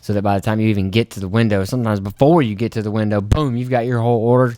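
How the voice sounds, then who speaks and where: A young man hosting his own podcast, telling rambling, profane stories and acting out his own panicked reactions in jumps to a high voice. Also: steady tone, rapid-fire, few pauses, mellow, no echo, clean studio sound. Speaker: podcast host. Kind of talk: casual solo storytelling.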